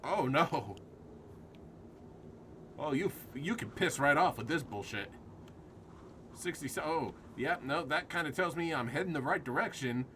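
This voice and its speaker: A man's voice: on the high side, expressive, a little slow, long pauses, bright, forceful tone, slight background noise. A man streaming a horror game live, jumpy and swearing at scares while chatting with his viewers.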